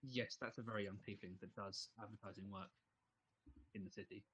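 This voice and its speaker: A man's voice: on the low side, steady tone, fairly quick, bright, forceful tone, a little hiss or hum. A man narrating as game master of a tabletop game, rambling with many fillers.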